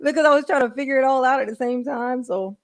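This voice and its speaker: A woman's voice: high voice, quick pace. A woman live streamer, chatting casually with viewers, rambling and laughing often.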